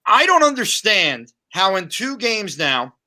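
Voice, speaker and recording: A man co-hosting a sports podcast, talking in an animated, sarcastic, conversational way. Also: high-pitched, unhurried. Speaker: podcast co-host. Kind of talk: opinionated sports podcast talk.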